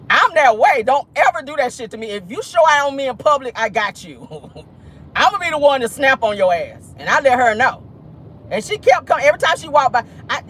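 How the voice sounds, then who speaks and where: Sassy, animated woman talking while driving. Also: a little high, slight background noise. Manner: animated, sassy, swearing storyteller. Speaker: host. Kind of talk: casual gossip vlog. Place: in a car, driving.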